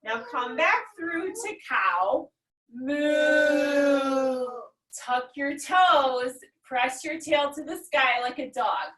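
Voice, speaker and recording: A woman teaching a children's yoga class, giving gentle, instructive breathing cues with playful animal noises. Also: high-pitched, lively intonation, takes it slowly, hardly any pauses. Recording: echoey room, far from mic.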